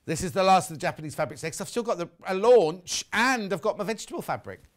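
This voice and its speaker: A man's voice: high voice, animated, quick pace. A middle-aged man presenting fabrics on a live shopping show, chatty and teasing. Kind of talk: live sales presentation with chat.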